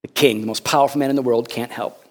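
A man preaching a sermon as pastor, swinging from loud emphasis to hushed tones and repeating words when he presses a point. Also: mid-range voice, fairly even intonation, fast talker.

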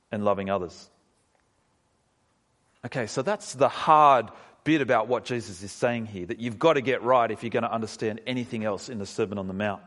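A man preaching a sermon as pastor, lively, with sudden leaps in pitch and pointed rhetorical questions. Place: church hall. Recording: long reverb of a church hall.

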